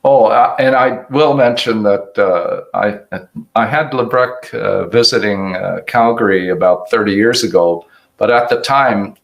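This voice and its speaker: An older man giving an award lecture with slides, reflective and halting, often restarting his sentences. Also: fairly low pitch, creaky, fairly bright tone, poor audio.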